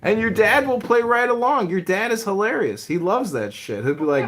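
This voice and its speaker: A young man chatting casually on the phone, telling animated, jokey stories. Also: sits high, normal speed, few pauses. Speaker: comic storyteller.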